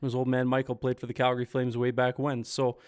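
A man's voice: mid-range voice, monotone, fast talker, clear, resonant tone. A man hosting a casual post-game hockey stream, reading viewer comments in an upbeat, chatty way. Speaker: podcast host.

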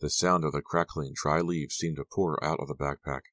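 A man reading a teen horror novel aloud as an audiobook narrator, in measured, steady storytelling. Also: very deep voice, no room sound.

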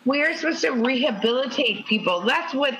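Canadian woman on video chat, bright forceful voice, earnest and talkative, slightly high. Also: animated, moderate pace, a little hiss or hum, rough recording. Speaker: social worker.

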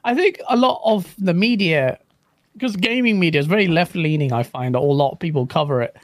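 A man co-hosting a casual gaming podcast, telling stories in an animated, exasperated way. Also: a little high, brisk, no room sound. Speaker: co-host.

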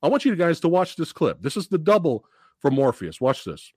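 A man hosting a movie podcast, going on a profane, animated rant about a film and laughing between points. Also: fairly high pitch, brisk, background noise. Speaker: podcast host. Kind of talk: heated movie review rant.

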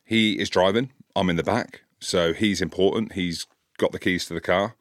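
A deep-voiced man in his forties spins a long anecdote on a podcast, easygoing but animated. When he acts out a quarrel he gets loud and climbs high. The sound is close and dry, with no room around it. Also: moderate pace, no room sound. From Scotland. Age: 40s. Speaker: podcast co-host, rugby commentator. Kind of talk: casual chat, storytelling.

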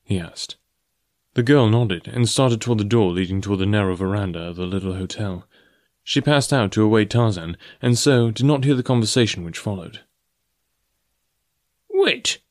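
A man narrates a novel in a steady, even reading voice. His pitch sits on the low side. The recording is close and dry. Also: a little fast, no room sound. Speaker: audiobook narrator. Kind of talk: scripted narration.

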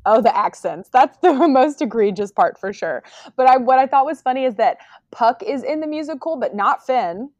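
A woman's voice: sits high, animated, moderate pace, a little mellow, dry recording, lo-fi sound. A woman co-hosting a podcast in casual chat, emphatic and laughing often. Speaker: podcast co-host.

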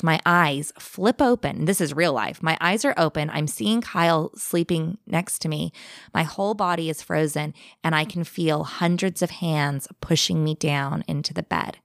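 Woman with a lowish voice telling a creepy story, lively, dry close sound. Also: dry recording. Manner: animated, vivid, speeds up and slows down for effect. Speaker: guest telling a ghost story. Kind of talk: casual storytelling.

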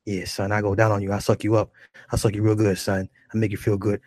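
A man's voice: on the low side, quick pace, no room sound, studio quality, lightly acted. A man mimicking a crude New York woman. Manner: crude, flat street talk. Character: rough-talking young New York woman in bed.

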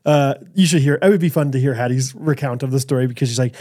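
A man's voice: medium pitch, fast. A man co-hosting a podcast, rambling through anecdotes in casual chat with lots of fillers. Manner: rambling, warm, many fillers like 'like'. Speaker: podcast co-host.

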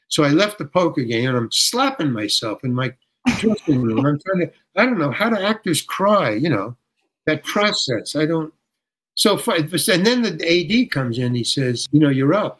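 An older American actor appears as a guest, telling anecdotes with real showmanship and voicing the other characters himself. His voice is a little higher than most men's, and he frequently stumbles and restarts yet keeps the story moving, all on poor audio.

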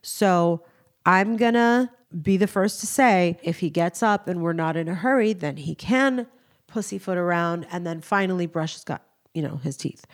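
A woman's voice: lowish voice, moderate pace. Female podcast co-host, stuffy-nosed, chatty and rambling. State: congested, nasal from a cold. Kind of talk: casual chat.

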